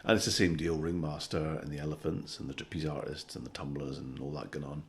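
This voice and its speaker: Very deep-voiced man telling jokes. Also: fast. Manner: animated storytelling, sweary, with frequent "right?" tags. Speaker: comedian guest. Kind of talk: casual podcast chat, telling jokes.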